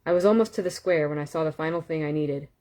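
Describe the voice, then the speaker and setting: A woman reading a novel aloud in a calm, steady way, with small self-corrections and asides. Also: deep voice, fast talker. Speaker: audiobook reader.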